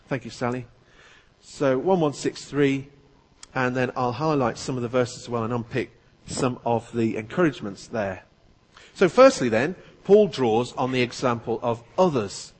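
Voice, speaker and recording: A man's voice: medium pitch, husky. Preacher man in a reverberant church. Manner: conversational, jokey. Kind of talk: sermon.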